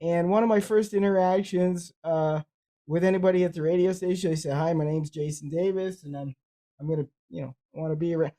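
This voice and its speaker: A man with cerebral palsy co-hosts a podcast in easy, wandering conversation. His voice is mellow and dark, and he often doubles back on his words mid-sentence. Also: high-pitched, steady tone, fast. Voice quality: speech affected by cerebral palsy. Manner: rambling, repeats words and restarts. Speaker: podcast co-host. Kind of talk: casual conversational storytelling.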